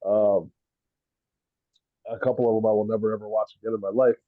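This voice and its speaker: A man's voice: lowish voice, level tone, a little fast, no room sound, phone-quality sound. A man telling a story in a rambling, laughing way on a casual podcast, swearing freely. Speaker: podcast guest, rapper. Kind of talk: casual chat.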